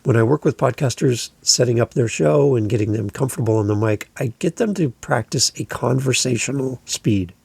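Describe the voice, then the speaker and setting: A man's voice: medium pitch, moderate pace, vocal fry, few pauses, darkish tone, husky, no echo. A man hosting a podcast, coaching new podcasters in a casual, emphatic, conversational way while gesturing as he talks. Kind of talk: casual instructional monologue.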